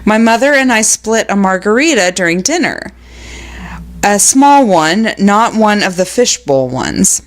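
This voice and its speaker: A woman's voice: mid-range voice, measured pace. A young adult woman co-hosting a podcast, reading listener stories aloud in a casual, amused way and laughing often. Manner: laughs often, animated, acts out children's voices. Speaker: podcast co-host.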